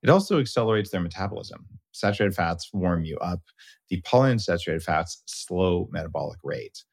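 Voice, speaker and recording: A middle-aged male host with a low voice, recorded dry and close to the mic. He chats casually and tells animated stories, jumping up high whenever he quotes his kids. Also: moderate pace, gravelly, husky, no room sound. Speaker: podcast host. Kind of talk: casual interview chat.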